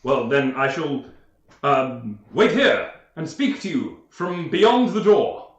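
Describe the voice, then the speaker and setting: A man putting on a short, dapper young nobleman who courts his betrothed in flowery, overly gallant phrases, his voice set a little high and swinging lively up and down. It sounds roomy and dull, like a lo-fi recording in an echoey room. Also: slow. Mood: courtly. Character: short debonair young male noble suitor, effusive.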